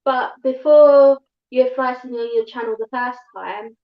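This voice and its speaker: A woman with a thick southern English accent talks fast and rambles, doubling back on her words. Her voice sits a little high. The sound is echoey and dull, like a room captured on a livestream. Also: fairly even intonation. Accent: southern English, London-tinged. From England, north of London. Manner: fast-talking, rambling with restarts. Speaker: livestream guest. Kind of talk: casual chat.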